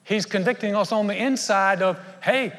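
Pastor guy preaching, kinda high voice, acts out little voices, big echoey church hall. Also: normal speed. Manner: animated, acts out short voices in his stories. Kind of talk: sermon.

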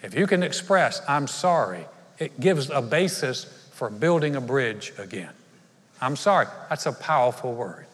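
A man's voice: mid-range voice, expressive, moderate pace, few pauses, fairly bright tone. A man, a pastor giving a conversational, humorous sermon in a large church. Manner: conversational storytelling with humor and asides. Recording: live church hall reverb.

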